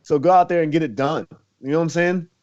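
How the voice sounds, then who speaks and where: On a muffled, lo-fi recording, a former college wrestler, a young man, talks as a guest in a relaxed interview. His voice sits on the high side with a darkish tone and a quick pace, and he laughs a lot while filling his speech with "like" and "you know."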